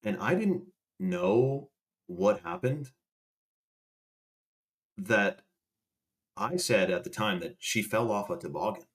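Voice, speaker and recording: A man's voice: lowish voice, lively intonation, slow pace, pauses often. A young man casually telling a rambling story to a live chat, swearing and restarting as he goes. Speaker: livestream host.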